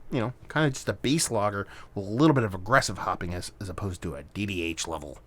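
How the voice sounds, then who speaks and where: A man's voice: on the low side, quick pace, a bit bright. A man giving a casual solo beer review, rambling and hedging with plenty of fillers and restarts.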